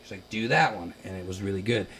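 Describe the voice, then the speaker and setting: Young man, from Ohio, lively storytelling, deep-ish voice, faint room noise. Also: fast talker. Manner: animated, laughing, acts out quotes loudly. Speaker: musician guest. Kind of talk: casual storytelling chat. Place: basement.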